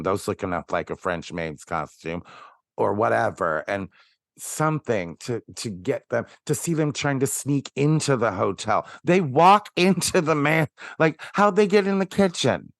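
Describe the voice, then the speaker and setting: A man's voice: medium pitch, animated, unhurried, gravelly, fairly bright tone, no room sound, studio quality. A man co-hosting a podcast, wryly picking apart a sitcom plot in casual chat. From Orlando. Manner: wry, picks the plot apart. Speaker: podcast co-host.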